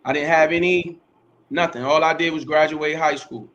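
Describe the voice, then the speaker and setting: A man's voice: fairly high pitch, fairly even intonation, normal speed, fairly bright tone, dull audio, a little hiss or hum. A middle-aged man, a podcast host, telling his life story in a casual interview, rambling, repeating himself and using slang and profanity.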